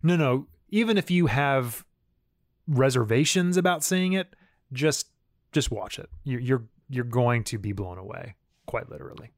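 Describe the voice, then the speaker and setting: Podcast co-host, mid-pitched man, emphatic and rambling, dry sound. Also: lively intonation, a little slow, no echo. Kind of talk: casual chat.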